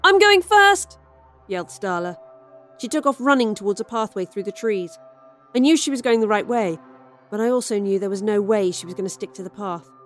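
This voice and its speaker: A woman's voice: medium pitch, a little fast, faint music behind. A woman reading a first-person sci-fi horror story aloud as storyteller, in a wry, dry tone. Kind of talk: scripted horror story narration.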